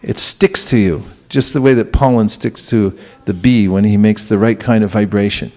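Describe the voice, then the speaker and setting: A man's voice: fairly low pitch, normal speed, a little mellow. A man giving a spiritual lecture to a live audience, talking conversationally and often putting questions to the listeners. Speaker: spiritual teacher.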